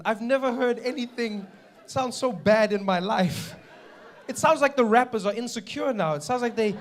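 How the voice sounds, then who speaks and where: A South African man performing a stand-up comedy set, animated and acting out voices for punchlines. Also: very high voice.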